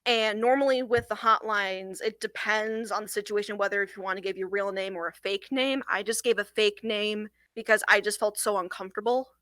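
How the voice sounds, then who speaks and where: A young woman tells of a hard call from her hotline work, earnest and a little halting, with plenty of "like" along the way. Her voice is bright and taut, set at a middle pitch. The sound is dry and close. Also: steady tone, dry recording, poor audio. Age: young adult. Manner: earnest, halting, with frequent "like" fillers. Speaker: domestic violence hotline worker. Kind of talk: recounting a personal experience in an interview.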